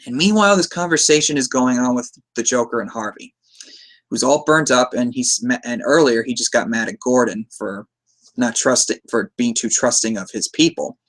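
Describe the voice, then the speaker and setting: A man's voice: mid-range voice, normal speed, a bit bright. Rambling, chuckling man podcast host. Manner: rambling, chuckles often, quotes movie lines. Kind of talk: casual movie recap.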